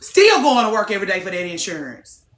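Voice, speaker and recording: A woman talking to camera in a casual vlog rant, blunt and profane, preaching hard and swinging into shouts. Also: mid-range voice, big pitch swings, fast talker, reverberant. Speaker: vlogger.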